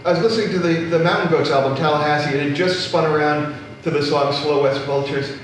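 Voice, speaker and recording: Middle-aged man, stand-up comic, dry wry delivery, fairly high-pitched, distant mic, heavy room echo, faint hiss. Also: quick pace. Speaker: stand-up comedian. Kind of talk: stand-up storytelling. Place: live comedy stage with audience.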